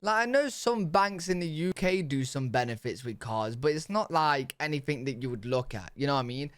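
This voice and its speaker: A man's voice: a little high, expressive, brisk, no echo, clean studio sound. A British man streaming a casual reaction, chatting loosely with lots of fillers and restarts. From United Kingdom. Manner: chatty, rambling, filler-heavy.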